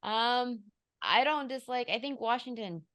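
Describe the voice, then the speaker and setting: A woman's voice: on the high side, expressive, a little slow, fairly bright tone. A woman hosting a sports betting show, chatting casually about picks and laughing often.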